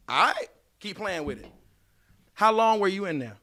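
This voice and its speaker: Animated high-voiced man giving advice. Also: normal speed. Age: late 30s. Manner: animated, preachy, addresses listeners directly. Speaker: podcast host giving dating advice. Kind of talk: casual advice monologue.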